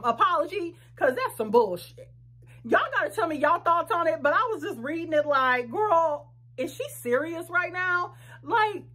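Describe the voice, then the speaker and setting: A woman talking in a casual reaction vlog, blunt, sassy and profane, with quick talkative asides. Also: high-pitched, fairly bright tone. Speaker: vlogger reacting to a reality show.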